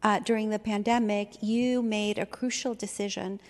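A woman's voice: mid-range voice, fairly even intonation, normal speed. Emotional woman giving an unscripted tribute. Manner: emotional, unscripted, many fillers. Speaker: board supervisor. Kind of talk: heartfelt tribute speech. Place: government meeting chamber. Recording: long reverb of a meeting chamber.

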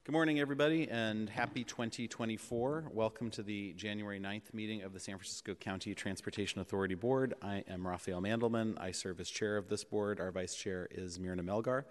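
A man's voice: lowish voice, steady tone, a little fast, few pauses. A man chairing a public board meeting in a city hall chamber, running procedure with frequent ums and uhs. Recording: echoey chamber with long reverb.

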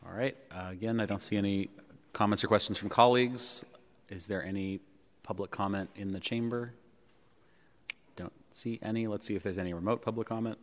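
A man chairing a public board meeting in a city hall chamber, measured and pausing often with ums and uhs. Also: fairly low pitch, steady tone. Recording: long reverb of a large chamber.

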